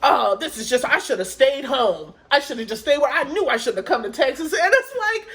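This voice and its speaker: A woman's voice: sits high, animated, a little fast, fairly bright tone. A woman telling a story in a casual podcast chat, swearing freely, laughing often and acting out what people said. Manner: laughing storyteller, profane, acts out quotes. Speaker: podcast co-host.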